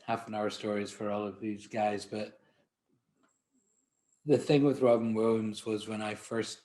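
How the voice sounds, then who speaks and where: A Scottish man from Glasgow with a Glaswegian accent and a somewhat low-pitched voice gives an anecdotal presentation about his portrait work. He talks in a chatty, self-deprecating way, often restarting his sentences. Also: level tone, measured pace, dark tone. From Glasgow, Scotland. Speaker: portrait photographer giving a conference talk.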